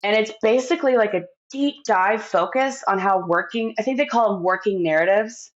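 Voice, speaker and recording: A woman's voice: medium pitch, moderate pace. Chatty woman podcast host, lo-fi sound. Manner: enthusiastic, chatty. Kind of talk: casual podcast interview. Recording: dull lo-fi recording.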